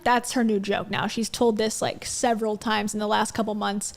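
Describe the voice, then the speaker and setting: A woman's voice: fairly high pitch, level tone, moderate pace, few pauses. Wry, skeptical woman livestream host. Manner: wry, skeptical, chatty with viewers. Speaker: livestream host reviewing an event. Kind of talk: casual commentary chat.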